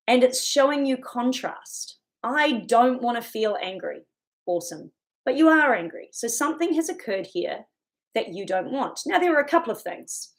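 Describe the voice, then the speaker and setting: A woman giving a chatty motivational talk, laughing often as she goes. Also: on the high side. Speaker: self-help speaker.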